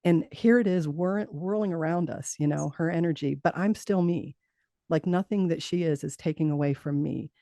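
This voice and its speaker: Gravelly-voiced woman telling her story. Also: deep voice, moderate pace, dark tone, no room sound, studio quality. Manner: earnest, laughing, many restarts. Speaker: guest. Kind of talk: personal storytelling in an interview.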